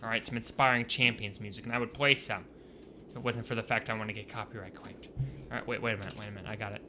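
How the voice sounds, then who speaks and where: A man giving casual let's-play commentary as a gaming YouTuber, excitable and swinging from quiet mutters to loud bursts. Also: on the low side, fast, background noise.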